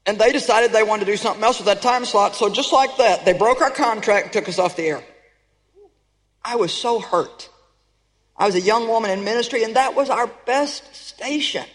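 A woman's voice: on the high side, moderate pace. An emphatic woman preacher delivers a sermon and keeps calling on her audience to answer back. Her voice carries with a long, ringing reverb from a large auditorium. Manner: emphatic, calls for audience response.

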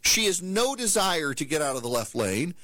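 A male talk host launching into an exasperated rant. His pitch swings up and down with great liveliness as he tells the story. The sound is close and dry, with no room echo. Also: normal speed. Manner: ranting, exasperated, animated storytelling. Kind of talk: opinionated monologue.

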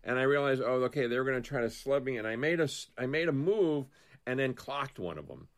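Rambling halting man in casual talk. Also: medium pitch, lively intonation. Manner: rambling, halting, many restarts. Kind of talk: casual political chat.

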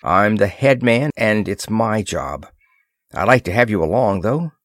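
A man's voice: lowish voice, lively intonation, measured pace, a bit bright, no echo, studio quality. A man voicing a determined male expedition leader who talks bluntly and emphatically. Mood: firm. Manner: firm, clipped, emphatic speech.

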